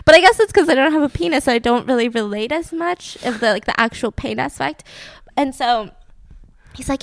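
A woman's voice: high-pitched, normal speed, no echo. Chatty woman retelling a true-crime story. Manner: chatty, filler-heavy, animated retelling. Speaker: podcast host. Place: home room with her fiance.

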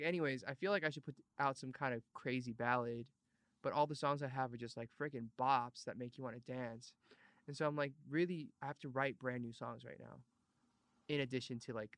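A man hosting a podcast in casual chat, playful and rambling, drifting in and out of put-on accents, with loud bursts of enthusiasm. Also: medium pitch, steady tone, brisk, no echo. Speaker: podcast host.

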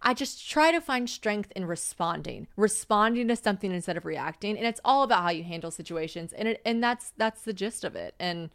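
A young woman hosting a podcast, chatting casually and telling lively stories, acting out quotes and swearing freely. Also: mid-range voice, a little fast, hardly any pauses. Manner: animated storytelling, acting out quotes, frequent swearing. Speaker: podcast host. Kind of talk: casual chat.

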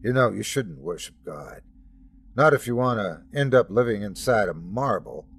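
A man's voice: lowish voice, expressive, moderate pace, creaky, slight background noise. A man doing an aggrieved, resentful Jesus. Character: indignant, resentful young male Jesus.

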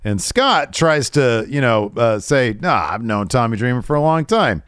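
A man's voice: medium pitch, expressive, moderate pace, fairly bright tone, smooth, no room sound, clean studio sound. A man co-hosting a podcast, laid-back and a bit profane, loosely quoting what the wrestlers said. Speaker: podcast co-host. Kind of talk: casual wrestling recap chat.

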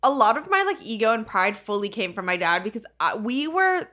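Bright, lively young woman co-host. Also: on the high side, fairly quick. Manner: playful and animated, laughs often. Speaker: podcast co-host. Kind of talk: casual chat.

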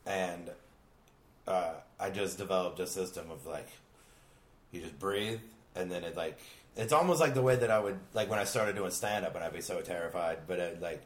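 A very deep-voiced man talks in a low-key, musing way, a comedian guest at a casual hangout with other comics. The room around him sounds echoey. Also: moderate pace. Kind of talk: casual chat among comedians.

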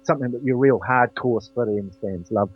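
Husky New guest on a hummy line. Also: male voice, mid-range voice, normal speed. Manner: hesitant, many fillers. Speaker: interview guest. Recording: dull lo-fi line with mains hum.

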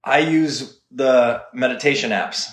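An animated man in casual podcast conversation, earnest and quick, tossing "right?" into his points. His voice sits at a middle pitch, and the sound is roomy, with echo around it. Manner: earnest, animated, talks fast with many "right?" asides. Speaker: guest.

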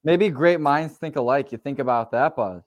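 A man's voice: medium pitch, moderate pace, no room sound. A man co-hosting a casual sports podcast, laid-back and easygoing as he talks through players. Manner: laid-back, affirming with frequent mm-hmms. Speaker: podcast co-host. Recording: slightly dull, lo-fi dry mic.

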